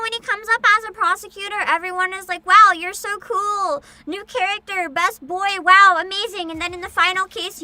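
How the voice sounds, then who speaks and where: A woman livestreamer with a lively, bouncing delivery, chatting casually with her viewers. She is excitable and giggly, breaking into hums and squeals. Faint music plays behind her. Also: very high voice. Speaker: streamer reacting to a game showcase. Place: home streaming setup.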